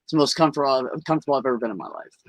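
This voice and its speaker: A man's voice: medium pitch, wildly swooping pitch, rapid-fire, vocal fry, no room sound. Frank, rambling man telling his story. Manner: rambling, frank, sprinkles "you know" and "like". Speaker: podcast guest. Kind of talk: candid personal storytelling.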